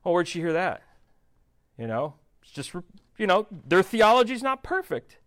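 A man's voice: sits high, big pitch swings, moderate pace, a bit bright. A man preaching a casual sermon, reading scripture and breaking in with jokey, conversational asides. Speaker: pastor.

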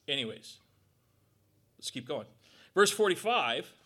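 A man's voice: a little high, big pitch swings, measured pace, pushed and bright, husky. A man preaching a conversational sermon as pastor, joking and acting out quotes and little sounds as he goes.

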